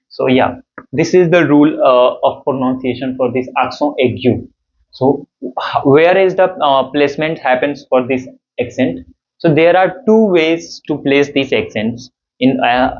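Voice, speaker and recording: A man's voice: mid-range voice, a little hiss or hum. A man teaching a beginner French lesson, explaining step by step with many fillers and repeated "okay"s. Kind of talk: online language lesson. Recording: dull lo-fi sound with faint ambience.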